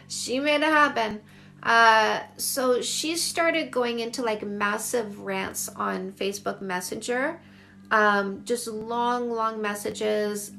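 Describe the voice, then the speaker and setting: Gravelly-voiced woman in her forties. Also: on the high side, a bit bright. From Canada. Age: 40s. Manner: candid, emphatic, repeats phrases. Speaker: dating coach. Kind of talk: livestream chat answering viewer comments.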